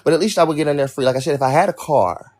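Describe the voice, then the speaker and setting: A man's voice: a little high, very fast, darkish tone. A young man hosting a livestream, venting in an irritated, profane rant to his chat. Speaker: livestream host. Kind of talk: ranting livestream talk to chat.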